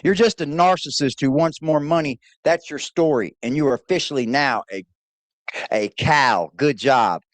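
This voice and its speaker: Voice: mid-range voice, moderate pace, dry recording. A reaction-stream host, giving casual, profane, mocking commentary over a clip.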